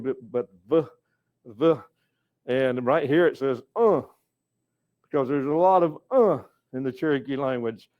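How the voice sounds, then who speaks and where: An older man leads a language lesson at a patient, unhurried pace, sounding out each word and repeating it for the learner. His voice sits in a middle pitch range. The recording is dull and slightly muffled. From North Carolina. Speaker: educator and storyteller.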